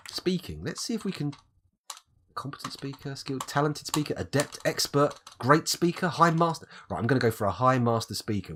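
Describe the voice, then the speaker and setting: A man's voice: medium pitch, a bit bright, a little hiss or hum. A British man with a cold, thinking aloud as he streams live gameplay commentary and muses over his options. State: has a cold, coughing.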